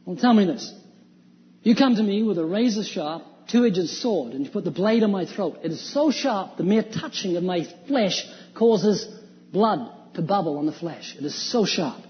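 A man's voice: high-pitched, expressive, normal speed. A man preaching an evangelistic sermon, emphatic and full of rhetorical questions. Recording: dull lo-fi sound with long hall reverb.

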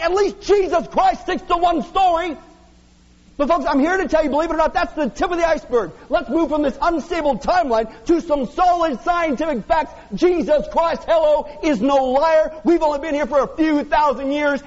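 A man pastor preaching a sermon in a joking, sarcastic way to his congregation. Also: very high voice. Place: church hall. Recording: dull lo-fi audio with long hall reverb.

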